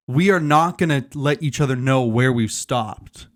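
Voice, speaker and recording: A man's voice: medium pitch, normal speed. Rambling, laughing man guest. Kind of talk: casual podcast chat.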